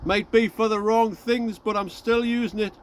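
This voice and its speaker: A man's voice: sits high, steady tone, normal speed. A man vlogging from his outdoor allotment, rambling chattily to his viewers and laughing at himself as he goes. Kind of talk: casual chat to camera.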